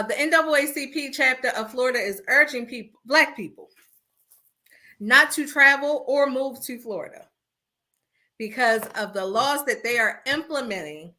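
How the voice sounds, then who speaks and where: A woman with a rather high, bright voice hosts a casual podcast over an internet call. She tells stories with animation and slips into other people's voices when she quotes them. Her tone stays bright and forward throughout. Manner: animated storyteller who acts out quotes. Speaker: podcast host. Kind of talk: casual chat. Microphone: remote call over the internet.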